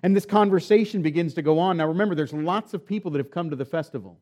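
A man's voice: on the high side, fast, darkish tone. A man preaching a sermon, retelling a scripture story and then reading the passage aloud with rising and falling emphasis. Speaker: pastor.

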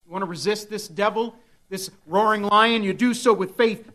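A man's voice: high-pitched, moderate pace, sharp tone. A man preaching a sermon with dramatic delivery, at times voicing the devil's taunts. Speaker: pastor.

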